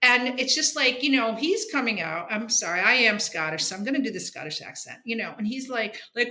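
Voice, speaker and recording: Sixties woman guest, frank and punchy, bright tone, echoey room. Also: fairly high pitch, expressive, fairly quick, hardly any pauses. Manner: blunt, emphatic, keeps asking "okay?". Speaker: guest, comics editor and journalist. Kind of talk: casual interview talk.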